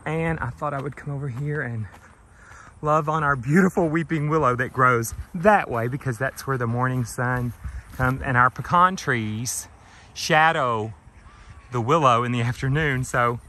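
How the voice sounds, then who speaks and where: A man giving a gentle, affectionate walking tour of his farm outdoors, filmed on a handheld camera. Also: medium pitch, unhurried. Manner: gentle, affectionate, talks to trees and animals. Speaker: vlogger touring his farm. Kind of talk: casual walking tour vlog.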